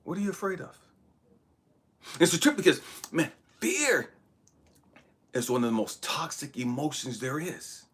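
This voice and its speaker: A man's voice: on the high side, sing-song, a little slow, long pauses, fairly bright tone, husky. A man in his thirties giving a spiritual motivational talk, preaching with bursts of emphasis that drop to near-whispers. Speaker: motivational speaker.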